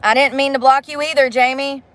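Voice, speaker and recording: A woman's voice: high voice, steady tone, fairly quick, fairly bright tone. A woman chatting casually on a phone livestream, blunt and profane as she vents to her viewers.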